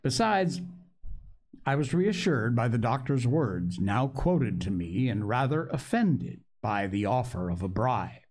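A male storyteller narrating a novel aloud. He reads slowly and deliberately, and his voice sits in an ordinary middle range. The delivery is measured and even. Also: mid-range voice. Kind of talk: audiobook-style narration.

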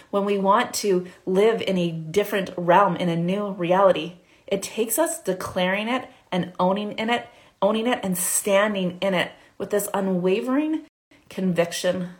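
Chatty woman giving a spiritual coaching talk. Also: medium pitch. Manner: fast, chatty, many "like" fillers, acts out inner voices. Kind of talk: live motivational talk.

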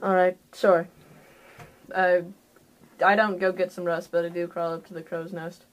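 Low-voiced young woman, halting play. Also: little pitch movement. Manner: hesitant, halting in-character narration. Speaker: player. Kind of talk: tabletop role-play.

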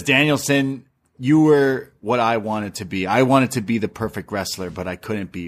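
A man with a fairly low voice talks through a wrestling show in loose, rambling podcast chat. He laughs often and slips into retelling what people said. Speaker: podcast co-host. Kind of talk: casual wrestling recap chat.

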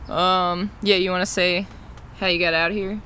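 A young podcast host talks with a New York accent in loose, easy chat. The voice sits at a middle pitch and laughs come quickly. There's a faint hiss under it. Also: flat delivery, bright, forceful tone. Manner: laid-back, laughs often, swears freely. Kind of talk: casual chat.

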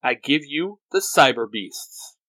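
A man's voice: medium pitch, expressive, slow pace, sharp tone, exaggerated voice. A man voicing an upbeat tech helper who explains new gadgets to the heroes. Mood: cheerful.

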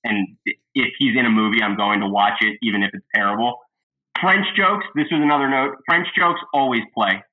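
A man's voice: medium pitch, brisk. A man hosting a casual movie review chat, gushing and laughing as he retells favorite scenes. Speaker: podcast host. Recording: thin phone-like sound.

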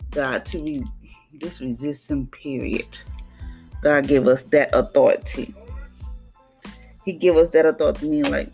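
A woman's voice: sits low, a little mellow. Woman giving a casual podcast devotional. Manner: conversational, preachy, acts out voices with laughs.

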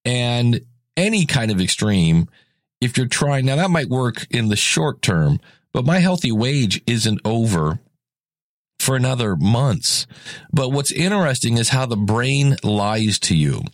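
A man's voice: medium pitch, very animated, measured pace, no room sound, studio quality. A man hosting a casual solo podcast, chatty and rambling, often correcting himself mid-sentence. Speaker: podcast host.

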